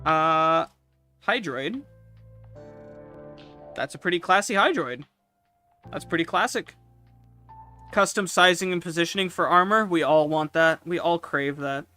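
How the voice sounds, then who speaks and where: A man streaming casual commentary, excitable and swearing freely, with loud sudden outbursts. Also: a little high, measured pace, long pauses, soft background music.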